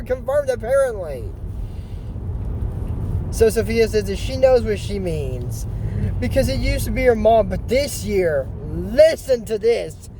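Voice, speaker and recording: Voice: mid-range voice, mellow, a little hiss or hum. A cartoon episode reviewer giving casual, rambling reaction commentary, full of fillers and strong opinions.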